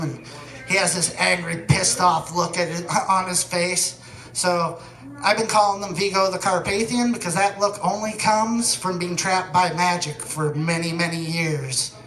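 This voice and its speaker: A man performing a stand-up comedy set, telling deadpan stories that build to shouted punchlines. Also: sits high, reverberant. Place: comedy venue stage.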